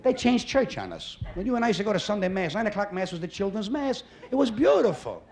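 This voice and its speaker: A middle-aged man doing a stand-up routine, loud and exasperated as he tells stories. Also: high voice, very animated, fast talker. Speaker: stand-up comedian. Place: live comedy stage. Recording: echoey club with loud audience.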